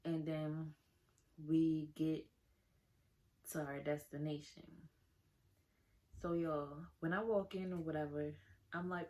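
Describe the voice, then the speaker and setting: A woman's voice: deep voice, measured pace. Chatty young woman telling a story. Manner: chatty, animated, addresses viewers as "y'all". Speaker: storytime vlogger. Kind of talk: casual storytelling to camera.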